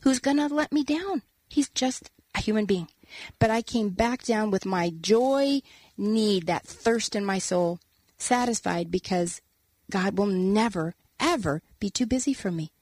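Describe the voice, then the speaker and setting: A woman author, a guest in an interview, telling a personal story in an earnest, animated way. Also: mid-range voice, unhurried, dry recording.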